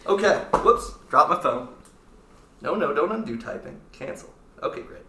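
A man's voice: a little high, big pitch swings, recorded from a distance, noisy background. A man hosting a casual podcast and running a quiz game, playful and jokey. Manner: playful, jokey, quick asides. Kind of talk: casual chat. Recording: echoey room, off-mic.

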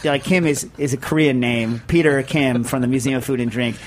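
A man hosting a radio talk show in casual, animated, jokey chat with quick quips. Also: medium pitch. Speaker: radio host.

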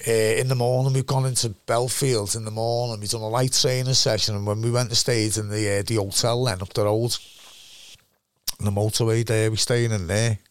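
A man's voice: lowish voice, flat delivery, brisk, smooth, dry recording. A middle-aged man with a Scouse accent, a former footballer, telling rambling, sweary anecdotes in casual chat, full of "lad" and "me".

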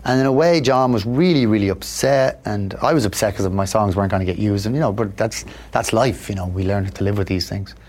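A man with a lowish voice tells stories from his life as an interview guest. He talks in a reflective, conversational way and gives the people he quotes lively voices of their own. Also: a little fast, few pauses. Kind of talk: candid conversational storytelling.

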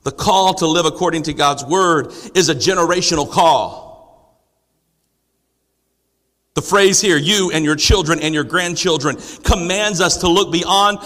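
A man's voice: on the high side, pushed and bright. A man preaching a sermon to a congregation, asking rhetorical questions and building to emphatic declarations. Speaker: pastor. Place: church sanctuary. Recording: long hall reverb.

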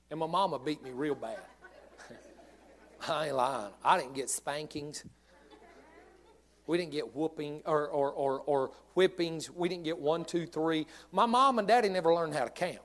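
A male pastor preaching a sermon, telling humorous stories in an animated way. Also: fairly high pitch, unhurried.

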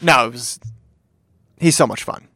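Regular-pitched guy hosting a sports chat, dry mic, excited storytelling. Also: a little slow, vocal fry, slightly rough, dry recording. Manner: enthusiastic, laughs while telling anecdotes.

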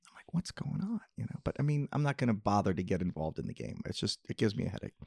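Gravelly low-voiced podcast man. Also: expressive, racing, darkish tone, no echo. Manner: rambling storyteller, jokey. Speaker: podcast host. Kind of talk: casual podcast chat. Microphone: podcast mic, close.

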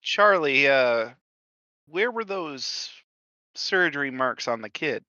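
A man with a very bright, tense, crisp voice plays in a tabletop horror game, asking halting questions padded with "like" and "uh". He is heard close and dry through a slightly dull mic. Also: medium pitch, animated, no echo. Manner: hesitant, filler-heavy questions. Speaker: player. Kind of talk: casual tabletop role-play.

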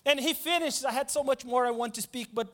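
High-voiced man preaching. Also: quick pace. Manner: animated, swings from loud to hushed, repeats phrases. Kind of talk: sermon.

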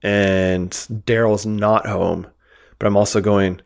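Low-voiced man chatting about movies. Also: level tone, slow pace, vocal fry, darkish tone. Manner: chatty, loose, laughs easily. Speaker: podcast co-host. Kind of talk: casual movie discussion.

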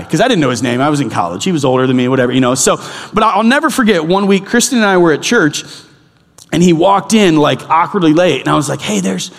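A middle-aged male pastor telling a story in a sermon, animated and acting out the people in it. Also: fairly high pitch. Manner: animated, acts out the people in his stories. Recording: long hall reverb.

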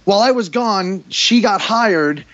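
A man's voice: sits high, expressive, a little slow, a bit bright, dry recording. A man in his forties with a New York accent, chatting casually as a podcast guest in a rambling, laid-back way. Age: 40s. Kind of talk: casual chat. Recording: dull dry lo-fi sound.

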